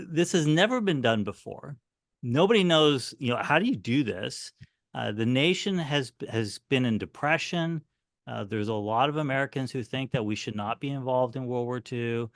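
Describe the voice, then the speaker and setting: A middle-aged man telling history as an interview guest, animated and earnest as he talks. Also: medium pitch, dry recording, studio quality. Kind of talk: interview answer, storytelling.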